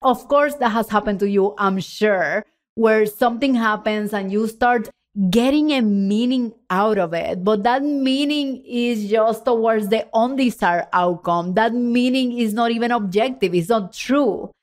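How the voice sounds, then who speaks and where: A woman's voice: a little high, measured pace. A middle-aged woman with a Puerto Rican accent tells a personal story on her podcast. She sounds earnest and conversational. She often speaks straight to the listener. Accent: Puerto Rican Spanish. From Puerto Rico. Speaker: podcast host.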